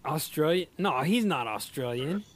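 A man in casual chat, reacting with loud exclamations, swearing and laughing often. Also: a little high, animated, normal speed, dry recording.

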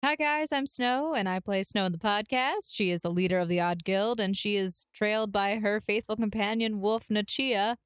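A woman's voice: mid-range voice, fairly even intonation, normal speed, hardly any pauses, clear, resonant tone, no echo, studio quality. Cheerful chatty woman player. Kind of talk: casual chat.

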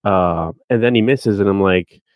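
Low-voiced man in dry podcast chat. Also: moderate pace, no echo, lo-fi sound. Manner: relaxed, breaks into argued points. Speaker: podcast co-host. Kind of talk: casual chat and sports analysis.

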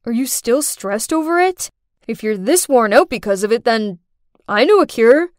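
A woman's voice: a little high, lively intonation, moderate pace, dry recording, clean studio sound, close to an everyday voice. A woman voicing a laid-back, blunt teenage boy classmate in a storybook narration, with an offhand, breezy delivery. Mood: easygoing.

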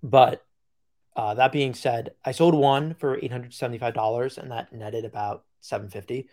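A man's voice: mid-range voice, fairly even intonation, normal speed, a little mellow. A man co-hosting a podcast in casual chat, telling stories in a rambling way, with plenty of fillers and acted-out quotes. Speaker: podcast co-host.

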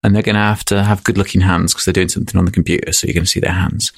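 A man co-hosting a casual comedy chat, laying out a joke in a deadpan, step-by-step way. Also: deep voice, rapid-fire, slightly rough. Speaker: podcast co-host.

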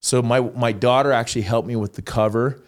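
A man telling stories as a podcast guest in a casual, animated, slangy way. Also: mid-range voice, a little fast. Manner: animated, slangy, acts out quotes. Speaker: podcast guest, real estate agent. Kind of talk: casual storytelling interview.

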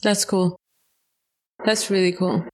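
A woman's voice: on the low side, flat delivery. Supportive woman podcast host. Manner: supportive, quick agreeing replies. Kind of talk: casual chat.

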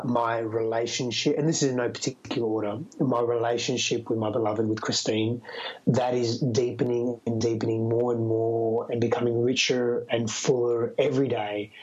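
A man's voice: medium pitch, darkish tone, husky, highs cut off. A man with an Australian accent, talking as a podcast guest in an earnest, reflective way. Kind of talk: casual conversational interview.

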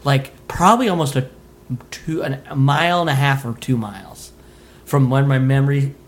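A man from Utah telling a story on a comedy podcast, animated, laughing and swearing freely. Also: medium pitch, normal speed. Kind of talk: casual storytelling.

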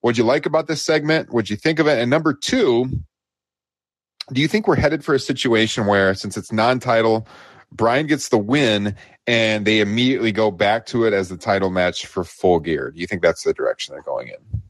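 Male podcast co-host, lower register, casual recap, dry close sound. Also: moderate pace, no echo. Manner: laughs often, quotes wrestlers with lifted pitch. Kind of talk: casual wrestling recap chat.

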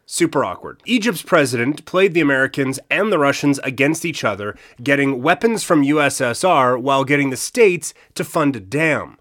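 Man, podcast co-host, casual chat, mid pitch, jokey, relaxed. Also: moderate pace, hardly any pauses. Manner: relaxed, jokey, with crude asides.

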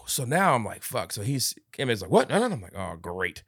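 A man's voice: medium pitch, brisk, husky, dry recording, studio quality. A man co-hosting a podcast, telling stories in casual chat, swearing often and acting out the people in them. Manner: animated, swears a lot, acts out the people in his stories. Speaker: podcast co-host.

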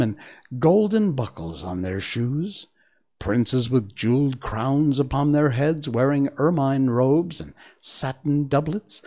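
A man reading a fairy tale aloud in an expressive storytelling manner. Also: mid-range voice. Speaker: narrator.

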